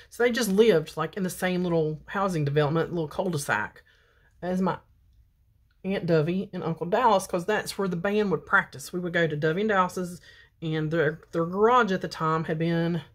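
A woman's voice: lowish voice, moderate pace. A woman, chatting and telling a story while she does her makeup for a beauty vlog. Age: 50s. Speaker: beauty vlogger. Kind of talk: casual makeup chat.

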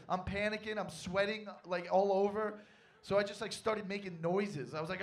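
A young man performing a stand-up comedy set on stage, telling a story with animated, loud panicky outbursts. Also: high-pitched, brisk, distant mic.

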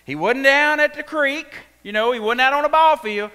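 Lively high-voiced Texan preacher in a hall. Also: male voice, moderate pace. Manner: animated storytelling, acting out voices with Southern-style talk. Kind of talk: sermon. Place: church sanctuary. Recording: echoey church hall.

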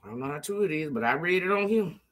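A woman vlogging in a relaxed, chatty way, talking straight to her viewers and laughing often. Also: deep voice, quick pace. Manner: chatty, folksy, laughs often, addresses viewers as "girl" and "y'all". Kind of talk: casual chat to viewers while eating.

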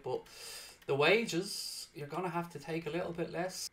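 A man hosting and commentating on his own football video game, excitable and swearing loudly in frustrated outbursts, sounding tired. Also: a little high, unhurried. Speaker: gaming streamer and host. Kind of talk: live gaming commentary.

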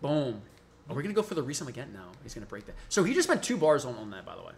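A woman giving excitable play-by-play commentary on a fighting game tournament, joking between plays. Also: very deep voice, slight background noise. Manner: quick, excitable play-by-play with jokes.

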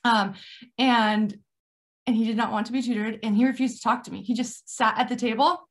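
A woman's voice: a little high, fairly even intonation, a little fast. A woman hosting a podcast, chatting about tutoring and sharing her own stories with many "you know" fillers. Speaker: podcast host. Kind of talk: podcast conversation.

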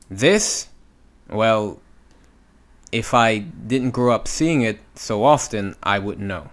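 Slow, low-voiced man teaching Hebrew reading. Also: expressive. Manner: patient, sounds out letters and syllables slowly. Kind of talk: instructional walkthrough.

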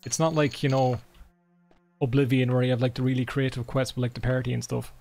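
Gravelly, excitable male game streamer. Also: mid-range voice, brisk, faint music behind. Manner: excitable, swearing, laughing, reads in-game books aloud. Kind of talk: live gameplay commentary.

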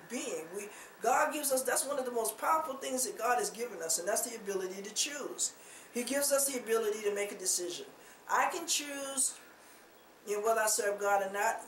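Woman preaching from a distant, echoey mic. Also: fairly high pitch. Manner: conversational, many rhetorical questions, frequent "you know". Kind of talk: informal spoken sermon. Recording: roomy echo, distant mic, faint noise.

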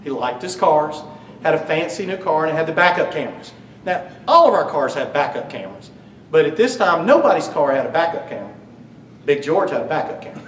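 Speaking a little fast in a high-leaning, sing-song voice, a middle-aged man eulogizes his father with funny anecdotes and jokes for the crowd. The audio comes from a distance in an echoey memorial hall with a faint hum.

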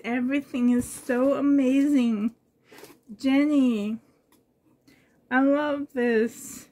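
A woman talks through a gift unboxing in a vlog, gushing with breathy exclamations and sounding emotional and a little shaky. Her voice sits high but mellow, and she draws every word out very slowly. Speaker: reborn doll collector vlogger.

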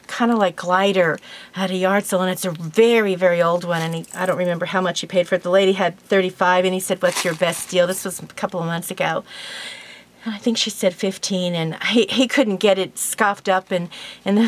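A woman in her sixties telling a rambling home story in a casual vlog, chatty and laughing often, then showing off a gift. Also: medium pitch. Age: 60s. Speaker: vlogger.

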